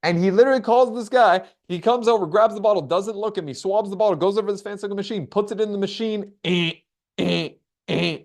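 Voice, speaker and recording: A man giving a webinar keynote, telling a story with dramatic pauses and acting out the dialogue. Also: high voice, a little mellow. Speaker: keynote speaker. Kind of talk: storytelling talk.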